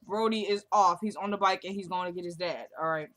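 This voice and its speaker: A young woman hosting a casual vlog recap of a TV episode, chatty and slangy, acting out the characters' lines in quick quotes. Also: on the low side, a bit bright. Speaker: show recap host.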